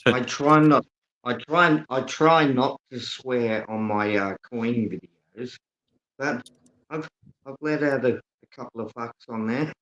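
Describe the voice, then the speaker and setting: A man's voice: mid-range voice, a little slow, fairly bright tone. An Australian man who runs a coin channel, chatting casually on a stream in a friendly, hesitant way. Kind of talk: casual chat. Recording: dull lo-fi sound.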